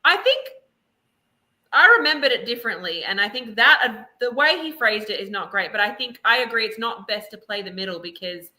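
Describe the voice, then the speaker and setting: A woman co-hosting a casual podcast chat, her voice very bright and sharp. She sits a touch high in pitch and talks in quick, chatty asides as she recaps scenes. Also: expressive. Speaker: podcast co-host.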